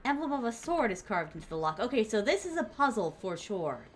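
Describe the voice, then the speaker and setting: A young woman game streamer gives excitable live commentary, chatting with her viewers as she plays. Her voice sits high and swings widely in pitch. She keeps up a running patter of reactions to everything on screen. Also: a little fast, a little hiss or hum. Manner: excitable, talks to herself and chat while playing.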